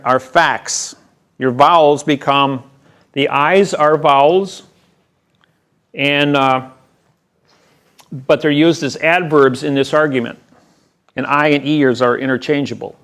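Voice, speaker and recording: A man speaking at a seminar, telling a long story in a rambling, halting way with frequent restarts and a colloquial "I says". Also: fairly high pitch, a bit bright. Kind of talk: storytelling lecture.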